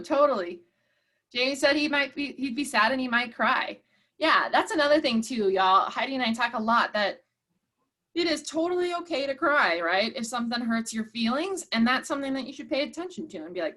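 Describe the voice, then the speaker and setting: A woman's voice: fairly high pitch, animated, moderate pace, sharp tone. A woman leading an online workshop, encouraging and reading out participants' chat replies. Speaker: workshop presenter.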